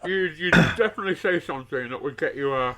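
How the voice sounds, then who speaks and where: A man on a podcast who tells anecdotes in casual chat and makes dry, deadpan jokes. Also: on the high side, fast, slight background noise, poor audio. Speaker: podcast co-host.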